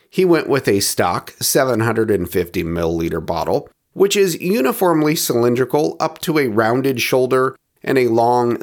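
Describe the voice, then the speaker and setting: Hosting a spirits review podcast, a man reads his scripted notes in a steady, descriptive manner. His pitch rises and falls a lot, and now and then he slips into soft, low asides.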